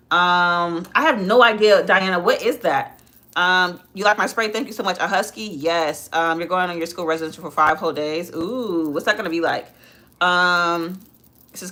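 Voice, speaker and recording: Bright-voiced woman chatting on a makeup livestream. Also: on the low side. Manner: chatty, reads out viewer comments and answers them. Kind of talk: casual live-stream chat while doing makeup.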